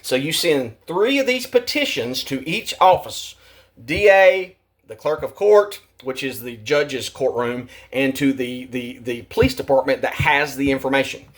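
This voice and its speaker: A vlogger rants heatedly to the camera in a medium-pitched voice with lively intonation and a measured pace. Agitated, he repeats words, restarts sentences and swears.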